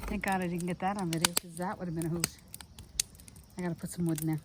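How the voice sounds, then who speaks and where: This solo camping vlogger has a lowish voice and a flat delivery, talking fast but pausing often. She rambles chattily to the viewer while pitching her campsite at an outdoor campground. The casual vlog carries outdoor campsite noise, with trains and planes going by.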